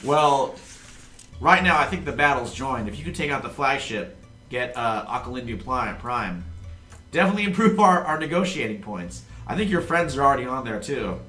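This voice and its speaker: A man running a tabletop game, bright and forceful, joking with the players between scenes. His voice sounds echoey, with faint music behind it. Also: medium pitch, animated, fairly quick. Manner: playful, laughing asides. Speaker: game master.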